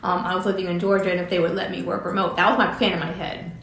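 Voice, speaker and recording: A middle-aged woman telling a personal story, halting and emotional, with many fillers and restarts. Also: on the low side, flat delivery, vocal fry, fairly bright tone, reverberant. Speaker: vlogger telling her story.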